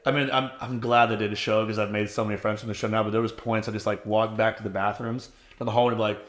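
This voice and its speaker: A man's voice: lowish voice, fast talker. Candid thirties man in an echoey room. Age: 30s. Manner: candid, animated, acts out quoted voices. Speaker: interviewed contestant. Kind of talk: casual interview chat.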